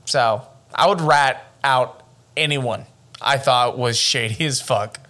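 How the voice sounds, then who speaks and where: A man's voice: mid-range voice, slow, bright, forceful tone. A young man co-hosting a podcast, telling a true-crime story casually with profane joking asides. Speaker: podcast co-host.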